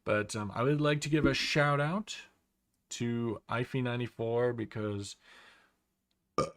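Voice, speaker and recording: A man's voice: medium pitch, fairly even intonation, a little slow, a bit bright, no room sound. Rambling Australian man streaming. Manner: rambling, opinionated, many fillers. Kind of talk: casual live-stream chat.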